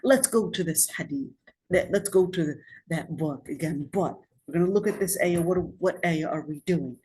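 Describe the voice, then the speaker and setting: A woman with a fairly low, warm voice teaches a religious studies lesson at normal speed. She is an Islamic studies lecturer giving a classroom lecture, talking conversationally and asking her students questions.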